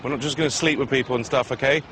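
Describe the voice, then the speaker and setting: A British man in his forties with an even, mid-range voice and a deadpan delivery. He talks in a hushed, mock-paranoid, conspiratorial way as he walks a busy city street. Traffic noise runs clearly behind him. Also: mid-range voice, rapid-fire. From Britain. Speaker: travel show host. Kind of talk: comic travel banter.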